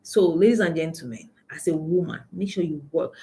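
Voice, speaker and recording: A woman's voice: on the low side, a little fast, few pauses. A woman with a Nigerian accent, a money coach giving an emphatic motivational talk, repeating key lines and asking her listeners questions. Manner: laughs often while telling anecdotes.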